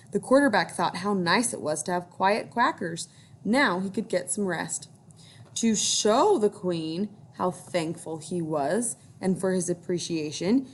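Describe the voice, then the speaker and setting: Woman teacher, reading a picture book aloud, encouraging kids to join in, unhurried, lively pitch. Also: slightly rough. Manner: warm and encouraging, asks children to join in.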